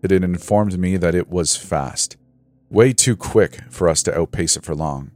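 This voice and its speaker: A man narrating a horror story in a measured, dramatic storytelling voice. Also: low voice, darkish tone, dry recording. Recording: faint background music.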